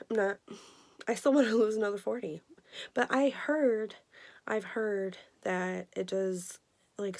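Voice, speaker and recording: Emotional young woman with a gravelly voice. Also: medium pitch, a little mellow. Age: 20s. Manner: emotional, earnest, halting with fillers. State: emotional, near tears. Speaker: vlogger. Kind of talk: personal health update vlog.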